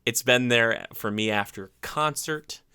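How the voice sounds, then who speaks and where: A man's voice: mid-range voice, measured pace, pushed and bright, clear, resonant tone, no echo, studio quality. A man co-hosting a podcast in casual chat, enthusiastic and rambling, with many fillers. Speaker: podcast co-host.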